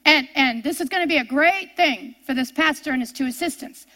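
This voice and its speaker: High-pitched older woman preacher, emphatic storytelling with repeats and hushed turns. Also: brisk. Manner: repeats words and phrases, dramatic swings from emphatic to hushed. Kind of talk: sermon storytelling.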